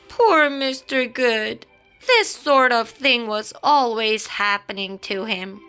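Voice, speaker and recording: A woman with a slightly high, sharp, clean-toned voice reads a children's picture book aloud slowly, with lively intonation. Her read-aloud is dramatic, playful and full of sound effects, with faint background music behind her.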